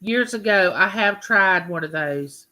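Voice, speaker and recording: A woman's voice: mid-range voice, expressive, a little slow, pushed and bright. A woman hosting a casual live stream, chatting and greeting her viewers by name. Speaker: livestream host.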